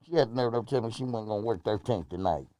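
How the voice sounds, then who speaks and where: A man's voice: on the low side, fast talker, dark tone, no echo, clean studio sound, close to an everyday voice. A man playing a boastful older male hustler character in an improvised comedy bit, trading insults. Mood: brash. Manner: boastful, combative trash talk. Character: self-styled older masked male hustler, brash.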